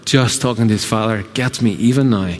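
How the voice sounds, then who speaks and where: A man preaching a sermon as a pastor, earnest and emphatic with dramatic pauses. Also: on the low side. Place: church auditorium. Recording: long reverb of a church hall.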